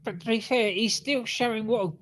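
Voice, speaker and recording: A man co-hosting a casual podcast, cheeky and quick to laugh. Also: sits high, a bit bright.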